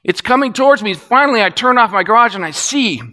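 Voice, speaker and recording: A man preaching, telling a story with animated swings from excited to hushed. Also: very high-pitched, fast talker. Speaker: pastor. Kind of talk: sermon storytelling. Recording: long reverb of a large hall.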